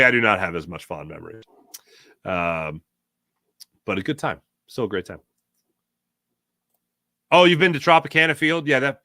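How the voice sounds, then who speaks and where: With a lowish voice recorded cleanly in a studio without echo, this sports talk show host keeps things casual and lively. He reads out viewer chat, tells stories and laughs often as he chats.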